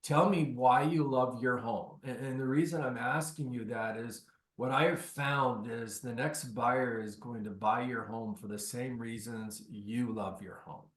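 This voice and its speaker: A man's voice: mid-range voice, steady tone, a little slow, fairly bright tone, roomy sound. A man leading a real estate coaching session on a video call, giving direct, instructive advice.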